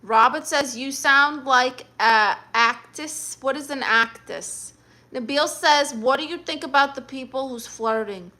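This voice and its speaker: A woman's voice: high-pitched, measured pace, sharp tone. A young adult woman hosting a livestream, reading chat messages aloud and answering with sassy, teasing comebacks.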